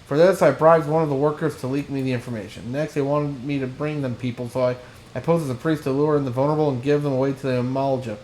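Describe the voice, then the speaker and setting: A man's voice: mid-range voice, steady tone, fast, darkish tone, roomy sound, a little hiss or hum, natural voice, rough recording. A man voicing a cowardly male merchant who posed as a priest, reading his lines from a game. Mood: pleading.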